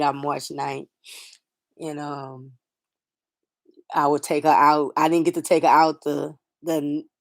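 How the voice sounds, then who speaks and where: A middle-aged woman hosting a casual livestream chat, talking softly and sadly to viewers, rambling with fillers and restarts. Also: low voice, no room sound, studio quality. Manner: soft-spoken, grieving, rambling with fillers and restarts. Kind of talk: casual personal talk to viewers.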